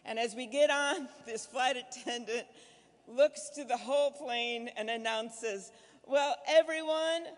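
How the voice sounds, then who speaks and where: A woman's voice: fairly high pitch, steady tone. Rousing woman politician in an echoing hall. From Minnesota, USA. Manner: rousing, punchy applause lines with a repeated refrain, shifting to brisk anecdote. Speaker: senator giving a keynote. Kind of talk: political fundraiser dinner speech. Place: large banquet hall. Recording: reverberant hall sound.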